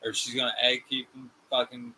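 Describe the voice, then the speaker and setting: A man's voice: mid-range voice, monotone, fairly quick, bright, forceful tone, a little hiss or hum, rough recording. A man co-hosting a podcast in casual chat, blunt, argumentative and swearing. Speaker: podcast co-host.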